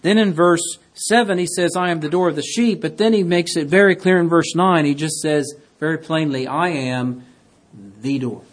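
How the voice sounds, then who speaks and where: A man preaching a sermon, reading scripture aloud and swinging between loud, emphatic declarations and quiet, hushed asides. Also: a little high, normal speed. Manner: reads scripture in King James wording.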